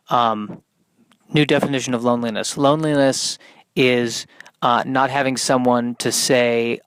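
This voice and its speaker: A man's voice: mid-range voice, lively intonation, a little slow, clear, resonant tone, no echo, poor audio. A man hosting a podcast, doing a rambling, hesitant comedy monologue full of fillers. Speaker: podcast host.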